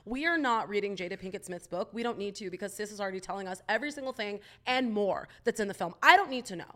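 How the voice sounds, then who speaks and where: A woman's voice: medium pitch, expressive, fast talker, a bit bright. A young woman co-hosting a pop culture podcast, chatty and teasing, often laughing. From United States. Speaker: podcast co-host. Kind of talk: casual pop culture chat.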